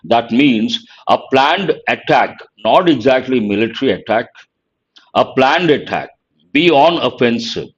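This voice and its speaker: A man with an Indian English accent teaching vocabulary, explaining word meanings in a deliberate way and repeating key words. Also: medium pitch, expressive, slightly rough, dull audio. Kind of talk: vocabulary lesson.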